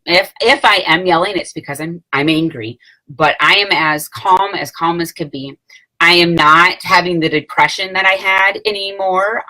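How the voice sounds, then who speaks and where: Late-30s woman, casual vlogger, slightly low and bright voice, rambling and filler-heavy. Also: rough recording. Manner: rambling, chatty, many fillers and self-corrections; laughs between phrases. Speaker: vlogger sharing a product testimonial. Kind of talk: casual talk to camera.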